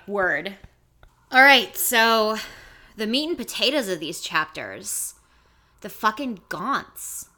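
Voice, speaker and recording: A woman co-hosting a podcast with a bright, forward voice. She talks in casual, animated chat, joking and swearing freely. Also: medium pitch, takes it slowly. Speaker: podcast co-host.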